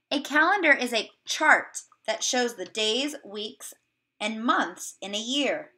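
A woman teacher giving a remote video lesson to young children, sounding out words slowly and encouraging them. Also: a little high, pushed and bright.

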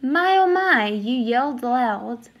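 A woman's voice: fairly high pitch, expressive, slow pace, heavily acted. A woman voicing a menacing male killer doll who taunts his victims in a storybook tale. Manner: taunting, cocky.

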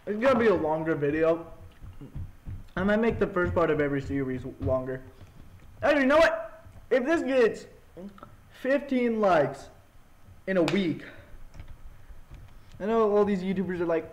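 A man's voice: high voice, animated, normal speed, long pauses, slight background noise, rough recording. Goofy man rambling over a game. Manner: goofy, rambling and self-mocking. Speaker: let's-play gamer. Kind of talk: casual gameplay commentary.

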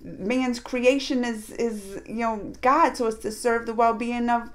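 High-voiced woman chatting through a reaction. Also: steady tone, measured pace. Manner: chatty, rambling, with many fillers and restarts; retells scenes by acting out the characters' lines. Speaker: reaction video host. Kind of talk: casual reaction commentary.

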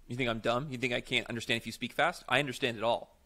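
A man's voice: mid-range voice, steady tone, fast talker, pushed and bright. A man playing an angry brother in an improv scene demo, confrontational and swearing. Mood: angry, accusing.

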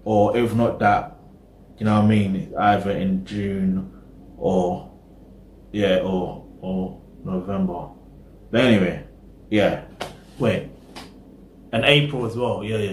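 A man's voice: lowish voice, slow, pauses often, echoey room, a little hiss or hum. A man hosting a reaction video, rambling casually in slang and talking straight to his viewers.

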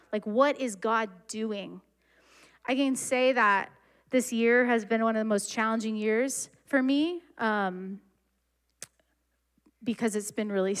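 Young woman preacher, slightly high pitch, warm conversational sermon delivery with many restarts. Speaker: church speaker.

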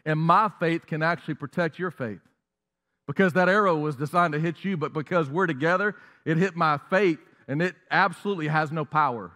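A man with a fairly high voice preaches to his congregation. He asks them question after question and dips into mocking impressions to make his point. The sound carries a long reverb from a large church hall. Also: brisk, sharp tone. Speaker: pastor. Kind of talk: sermon.

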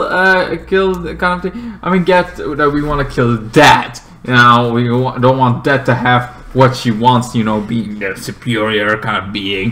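A man recapping a TV episode in a loose, rambling way, full of fillers and restarts, with excited squeals in between. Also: medium pitch, a little slow. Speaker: TV show reviewer.

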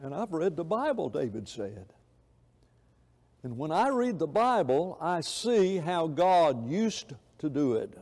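Impassioned preacher, echoey church hall. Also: male voice, a little high, very animated, takes it slowly, darkish tone. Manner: impassioned, with repeated words and restarts. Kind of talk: sermon. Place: church sanctuary.

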